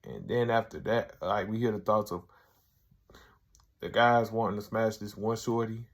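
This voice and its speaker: A man's voice: on the low side, moderate pace. A man hosting his own video review channel, walking through a comedy episode in a loose, chatty way. He fills his retelling with "like" and "he's like" and keeps an everyday speaking voice. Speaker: show reviewer, channel host.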